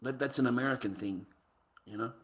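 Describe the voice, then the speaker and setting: A man's voice: mid-range voice, fairly quick. An Australian man rambling through an anecdote, swearing freely and calling the listener "mate" often. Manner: profane, excitable storyteller who says "mate" a lot. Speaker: vlogger.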